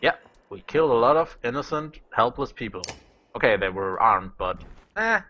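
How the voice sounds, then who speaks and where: A man's voice: medium pitch, expressive, moderate pace, pushed and bright, dull audio, slight background noise. A man casually commenting on a game he is playing and reading its dialogue aloud, with joking, sarcastic asides. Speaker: let's play host.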